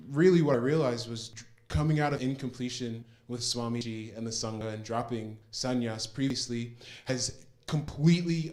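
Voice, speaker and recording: A man's voice: mid-range voice, a little mellow. Earnest man telling his story. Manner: earnest storytelling, repeats words for emphasis. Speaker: program participant giving a testimonial. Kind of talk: personal testimonial.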